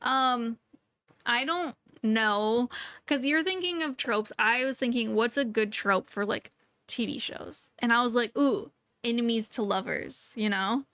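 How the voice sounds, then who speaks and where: A woman's voice: fairly high pitch, pushed and bright, dry recording. A young woman co-hosting a podcast in casual, playful chat, laughing often and jumping between tangents. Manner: playful, giggly, quick tangents. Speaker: podcast co-host.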